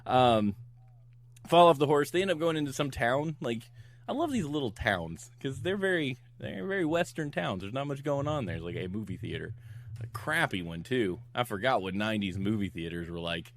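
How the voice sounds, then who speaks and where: A man's voice: mid-range voice, lively intonation, moderate pace. A middle-aged man recapping a movie on a podcast, laughing often and acting out the characters' lines as he goes. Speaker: podcast co-host recapping a film. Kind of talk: casual chat.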